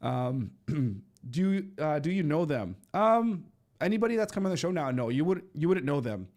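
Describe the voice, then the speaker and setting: A man's voice: a little high, sing-song, normal speed, a little mellow. A man with a stuffy nose hosting a casual livestream, chatting loosely with lots of fillers and restarts. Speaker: livestream host. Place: home studio in eastern Canada.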